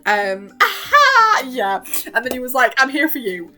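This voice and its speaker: A woman rambles through a TV recap, laughing often and jumping into quick quoted asides. Her voice is bright and her pitch swings freely. Faint music plays underneath. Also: huge pitch swings. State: hoarse after long talking. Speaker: vlogger.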